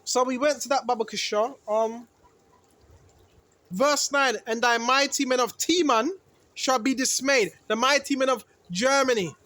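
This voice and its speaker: A man's voice: a little slow, sharp tone. A man teaching from the Bible in a sermon, asking rhetorical questions and often tagging lines with "right?". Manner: preachy, asks rhetorical questions, repeats "right?"; rises in pitch and volume when emphatic. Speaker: street preacher.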